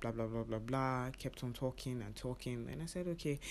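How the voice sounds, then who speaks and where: A woman's voice: rumbling low, moderate pace, hardly any pauses. Young woman telling a story with whispered asides. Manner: animated, acts out other people's lines, drops into whispered asides. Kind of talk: casual storytelling to camera.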